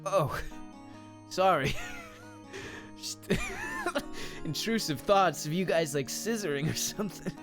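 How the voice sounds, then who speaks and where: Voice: medium pitch, expressive, slow, over music. A streamer chatting crudely and laughing often while playing a story game live. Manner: crude, giggly, self-mocking. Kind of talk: live gaming commentary.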